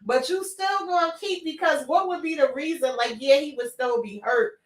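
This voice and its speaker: A woman panelist in a casual live chat, talking in an animated, exclamatory way and acting out quotes. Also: sits high, normal speed, echoey room, distant mic, low-quality recording.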